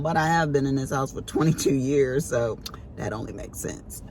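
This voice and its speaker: A middle-aged woman telling family stories to her viewers in a casual vlog, acting out what she said to her grown kids with sharp exclaimed quotes. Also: a bass voice, fairly quick, a little hiss or hum. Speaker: vlogger. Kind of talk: casual chat to camera.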